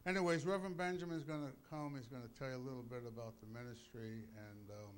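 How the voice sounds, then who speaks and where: A man preaching with jokes to a congregation, hoarse from bronchitis, playful and bursting into loud exclamations. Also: medium pitch, fairly even intonation, fast, a little hiss or hum. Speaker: pastor. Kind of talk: sermon with jokes. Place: church before a congregation.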